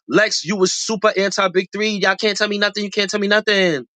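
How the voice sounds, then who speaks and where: A reality show commentator in casual commentary, slangy and animated, repeating lines for emphasis, with a voice that jumps high when excited. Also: moderate pace, hardly any pauses, dry recording.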